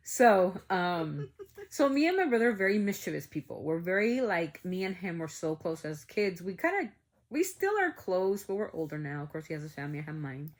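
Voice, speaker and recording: Brief: woman vlogger with a low voice, chatty animated storyteller, lots of fillers. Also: normal speed. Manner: animated, acts out quoted dialogue, many "like" fillers. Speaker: family vlogger telling a story. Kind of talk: casual storytelling to viewers.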